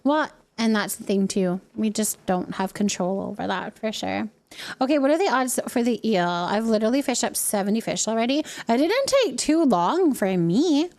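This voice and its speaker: A woman's voice: a little high, animated, moderate pace, a little mellow. A woman in her thirties, a mother, chatting casually with her viewers on a live stream while she plays a game, laughing often. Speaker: livestreamer and mother.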